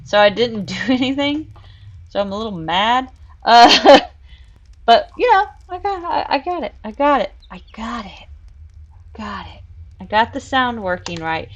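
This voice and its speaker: Slow-talking woman streamer, chatty and giggly. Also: a little high, sing-song, lo-fi sound. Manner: chatty, laughs often, coos at her cats. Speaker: streamer and show host. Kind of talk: casual live-stream chat while building in a virtual world.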